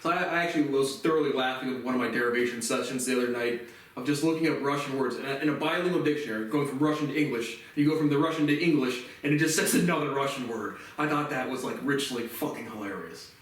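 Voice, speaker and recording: A man's voice: medium pitch, fast talker. Rambling man in a very echoey room. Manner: rambling, relaxed, with frequent restarts and casual swearing. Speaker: movie reviewer. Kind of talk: casual spoken movie review. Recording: very echoey room, distant mic.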